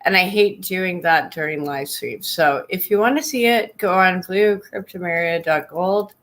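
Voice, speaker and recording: A woman's voice: lowish voice, moderate pace, fairly bright tone. A woman live-streaming in casual chat, often laughing through her words.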